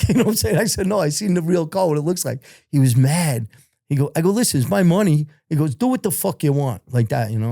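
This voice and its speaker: Older new guy spinning a story, swears a lot, real dark mellow voice, dry close sound. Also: fairly high pitch, expressive, fast, vocal fry, dry recording. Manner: profane, rambling, acts out quotes. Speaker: podcast guest. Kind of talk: casual storytelling.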